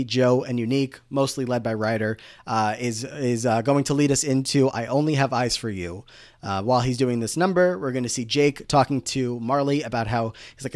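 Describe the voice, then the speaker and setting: A man's voice: medium pitch, dry recording. A man co-hosts a podcast and recaps the plot casually, full of fillers and restarts. His voice sits mid-range, and the recording is dry and close. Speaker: podcast co-host.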